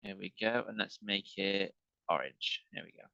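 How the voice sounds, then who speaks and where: A man's voice: deep voice, creaky, sharp tone, no echo, muffled recording. A man teaching an online English lesson, talking patiently and checking in with "okay" as he works through examples. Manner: slow, patient, repeats with "okay".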